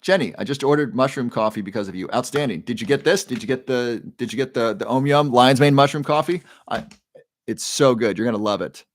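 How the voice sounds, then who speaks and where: A man's voice: medium pitch, a little fast. A man hosting a live stream, talking casually with his chat, guiding a breathing exercise and answering viewers' questions by name. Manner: relaxed, guides breathing, reads chat names aloud. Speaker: livestream host.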